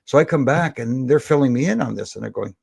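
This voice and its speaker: A middle-aged man, a former wrestling referee, telling lively anecdotes as a podcast guest and slipping into the voices of the people in them. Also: medium pitch, fast talker, vocal fry, breathy edge, no room sound. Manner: animated anecdotes with quoted voices. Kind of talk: storytelling in a podcast interview.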